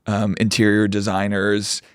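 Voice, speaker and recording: A man's voice: fairly low pitch, completely flat delivery, measured pace, clean tone, dry recording, studio quality. A man co-hosting a podcast in casual comedic chat, riffing with wry jokey asides. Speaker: podcast co-host.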